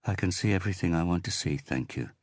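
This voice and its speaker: Audiobook: a man doing a cool young man, deadpan replies, husky low voice. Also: fast talker, no echo, clean studio sound. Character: wounded young man, coolly defiant.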